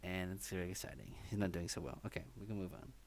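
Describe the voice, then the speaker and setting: A man's voice: sits low, fast talker, vocal fry. A man co-hosting a film podcast, talking in a loose, rambling way with many fillers. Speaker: podcast co-host. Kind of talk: casual chat.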